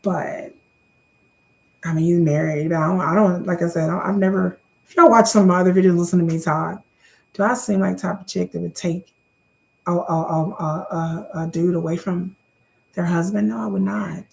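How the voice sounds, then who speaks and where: Gravelly-voiced chatty woman vlogger. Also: fairly low pitch, fairly even intonation, normal speed. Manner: chatty, repeats words, addresses viewers as y'all. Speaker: YouTuber answering viewer questions. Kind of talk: casual Q&A vlog.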